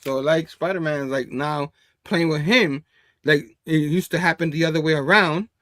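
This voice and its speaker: Man, casual comic book review, animated, laughs a lot, fairly high voice, dry sound. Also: moderate pace, dry recording. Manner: animated, laughs often, acts out dialogue.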